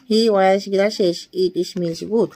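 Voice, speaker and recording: A mellow, medium-pitched woman with fairly even intonation reads short practice sentences one at a time. She is an English tutor from India in her twenties, reading slowly and deliberately with small laughs, on poor audio.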